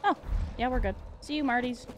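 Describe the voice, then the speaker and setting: A woman streaming a game live, chatting casually with her chat, giggling often and breaking into excited outbursts. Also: fairly high pitch, brisk, noisy background.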